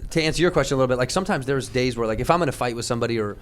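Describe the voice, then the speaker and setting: A man from Chicago, a comedian guest, telling stories in an animated way, swearing a lot and shouting out the quotes. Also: medium pitch, racing. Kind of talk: animated storytelling on a talk show.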